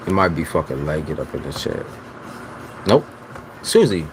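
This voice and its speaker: A man's voice: rumbling low, very animated, measured pace, noisy background. Teasing man chatting live with viewers. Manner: teasing, profane, talks straight to chat. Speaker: tarot reader host. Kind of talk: casual live-stream chat with viewers.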